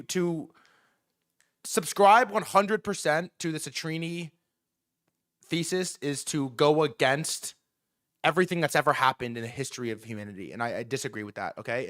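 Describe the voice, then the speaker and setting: A young man streaming to his chat, loose and excitable, cursing freely and circling back over the same phrases. His voice is bright and slightly high for a man, with a lot of rise and fall. He sounds like he is talking into a desk mic. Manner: excitable, swearing, repeats himself, talks to chat. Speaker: streamer reacting to news. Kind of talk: casual livestream commentary.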